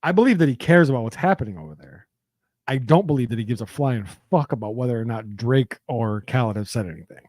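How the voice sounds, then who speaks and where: A man's voice: medium pitch, animated, fast talker, darkish tone, dry recording. A man co-hosting a podcast in casual chat, opinionated and profane on a close studio mic. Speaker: podcast co-host.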